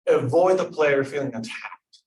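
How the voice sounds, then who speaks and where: In an echoey club meeting room, recorded from a distant mic with a little hiss or hum, a young man leads a casual discussion. His voice is a little high and slightly mellow, at normal speed, and he rambles with plenty of fillers while acting out example lines.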